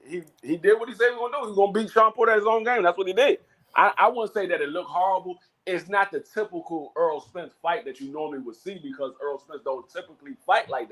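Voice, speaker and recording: A man talks boxing as co-host in a casual chat. His voice sits high for a man. He stammers through restarts and acts out what others said. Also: poor audio. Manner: stammering restarts, animated retelling.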